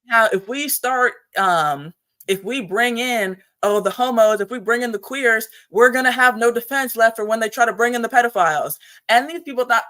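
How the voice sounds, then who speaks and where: Bright-voiced woman hosting a livestream. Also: medium pitch. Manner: emphatic, mocking, laughs often. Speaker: livestream host. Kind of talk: casual live-stream chat.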